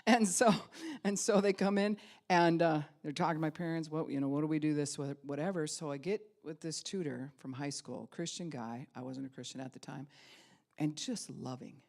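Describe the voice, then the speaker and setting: Low-voiced woman pastor preaching. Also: moderate pace. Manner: dynamic storytelling, swinging from loud emphasis to hushed whispers. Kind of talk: sermon.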